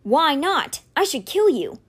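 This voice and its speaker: A woman reading aloud, voicing an angry, commanding teenage boy mage who shouts his demands. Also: high voice, sing-song, measured pace, voice pushed up.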